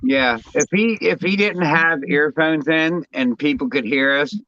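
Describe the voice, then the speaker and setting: A man's voice: fairly high pitch, measured pace, bright, forceful tone, no echo, dull audio. A man joking around in a casual group chat, teasing friends and trying out accents. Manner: teasing, jokes in put-on accents.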